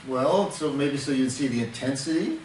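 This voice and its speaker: A man's voice: medium pitch, lively intonation, normal speed, darkish tone. Earnest older man teaching in an echoey room. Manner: earnest, explains with everyday examples and many restarts. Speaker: temperament counselor. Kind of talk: teaching talk in a counseling session. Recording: echoey room, distant mic, faint noise.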